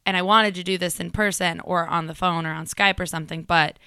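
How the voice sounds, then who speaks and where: A woman co-hosting a comedy podcast in casual chat, playful and quick with quips. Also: lowish voice, fairly even intonation, pushed and bright, smooth, no echo, studio quality. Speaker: podcast co-host.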